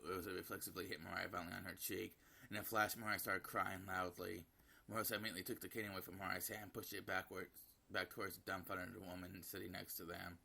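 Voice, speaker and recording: A man narrating a visual novel aloud as he plays. His voice is deep and gravelly with a bright edge, and it stays flat. He stumbles now and then and corrects himself. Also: fast. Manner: reading with slips and self-corrections. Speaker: gameplay narrator.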